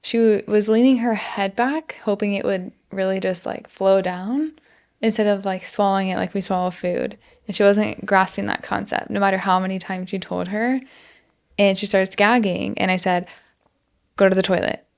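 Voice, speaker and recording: Female podcast co-host, 30s, gravelly fry, playful and laughing. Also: medium pitch, fairly even intonation, moderate pace. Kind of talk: casual chat.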